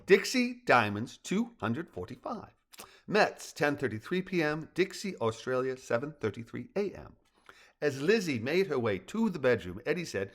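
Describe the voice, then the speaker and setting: Lively older man reading a story. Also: mid-range voice, moderate pace. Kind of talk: storybook narration.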